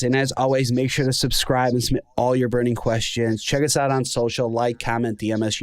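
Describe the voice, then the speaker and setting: A man's voice: medium pitch, no echo, studio quality. A man hosting a podcast in casual chat, laid-back and full of fillers. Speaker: podcast host.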